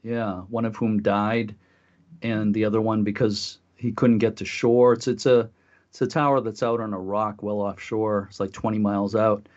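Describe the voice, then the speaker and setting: Male co-host, low voice, dull lo-fi sound, rambling chat storyteller. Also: level tone, normal speed, darkish tone. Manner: rambling, many fillers and restarts. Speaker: podcast co-host. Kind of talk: casual conversational storytelling. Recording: dull lo-fi audio.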